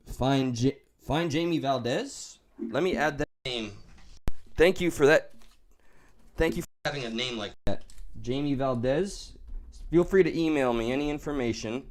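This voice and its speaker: A man's voice: mid-range voice, a little mellow. A man with a New York accent hosting a livestream, reading chat and talking candidly, swearing and joking as he rambles.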